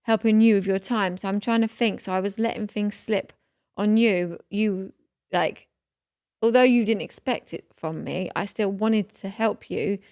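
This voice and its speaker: Podcast co-host, woman in her thirties, mid-pitched, chatty, emotional storyteller with lots of fillers. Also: measured pace, a little mellow, no echo, studio quality. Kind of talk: casual chat.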